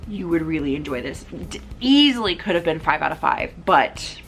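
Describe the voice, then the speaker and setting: A woman's voice: sits low, very animated, normal speed, a bit bright, soft background music. A woman chatting casually as she reviews books to her camera, rambling with lots of "like" and "um". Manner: chatty, rambling, many "like" and "um" fillers. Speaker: book reviewer. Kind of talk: casual book review chat. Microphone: camera mic.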